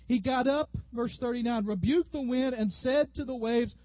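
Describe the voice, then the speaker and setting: A man with a high voice preaches a sermon. He tells stories with lively energy and bursts out loudly when acting out what people said. The recording is dry and slightly dull. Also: brisk, hardly any pauses, no room sound. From Tennessee, USA. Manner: animated, storytelling preacher who acts out quotes loudly. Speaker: pastor.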